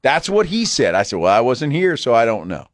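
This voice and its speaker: A man's voice: mid-range voice, sing-song, brisk, dry recording. A man hosting a casual sports talk show, an enthusiastic storyteller chatting with his co-host in a studio. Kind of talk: casual radio chat. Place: broadcast studio.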